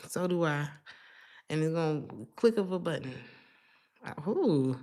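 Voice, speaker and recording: A woman's voice: fairly low pitch, moderate pace. A woman giving a casual tarot reading to her viewers, chatty and slangy, laughing often between her thoughts. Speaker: tarot reader.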